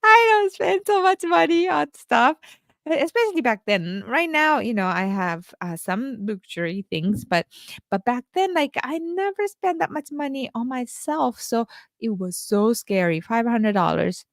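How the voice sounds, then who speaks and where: Slow-talking woman life coach. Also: a little high, expressive, gravelly, no room sound, clean studio sound. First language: Japanese. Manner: halting, many restarts and fillers. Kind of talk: casual storytelling monologue.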